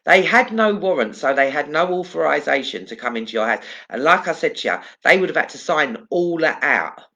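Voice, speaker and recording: Agreeable man chipping in, animated bright voice. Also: fairly high pitch, a little fast. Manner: agreeable, chipping in, laughs along. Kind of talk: casual chat.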